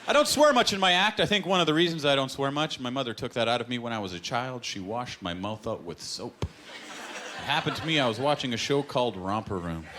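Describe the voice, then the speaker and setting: A Canadian man performing a stand-up comedy set on a club stage, deadpan punchlines broken by sudden put-on voices. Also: mid-range voice, brisk, background noise. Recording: live stage with loud audience laughter.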